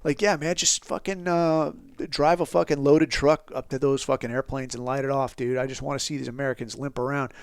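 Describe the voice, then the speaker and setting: Profane storytelling man, smooth dry voice. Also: mid-range voice, brisk, few pauses, no echo. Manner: crude, profanity-heavy, animated when quoting others. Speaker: podcast host.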